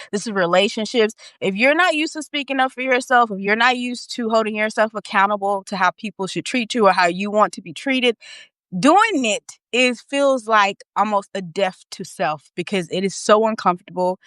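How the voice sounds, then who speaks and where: A woman hosting a live video, telling a personal story in a candid, emphatic way, repeating and restarting when the feeling runs high. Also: fairly bright tone, no echo. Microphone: phone or webcam, live stream.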